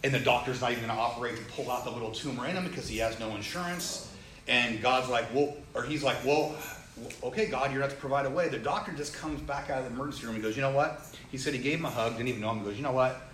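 An animated man tells a testimony as casual storytelling, his medium-pitched voice racing with rising excitement as he acts out the people he quotes. The recording has a roomy echo and faint ambient noise.

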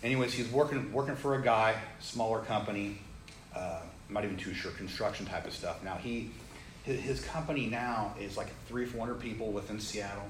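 A man casually telling a story, acting out the people he quotes, with growing excitement. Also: fairly low pitch, normal speed. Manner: animated, acts out quoted people, rising excitement. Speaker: storyteller sharing a testimony. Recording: roomy echo, faint ambient noise.

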